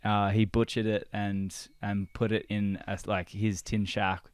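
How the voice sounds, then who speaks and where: Laid back guy on a podcast, low smooth voice, pretty monotone. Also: a little slow, no room sound. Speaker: guest, filmmaker. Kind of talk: casual podcast conversation.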